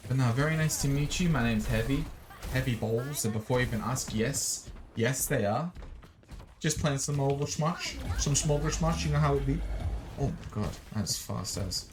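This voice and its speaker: An Australian man chatting casually while streaming a game, joking with viewers and breaking into sudden excited yelps. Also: mid-range voice, moderate pace, background noise.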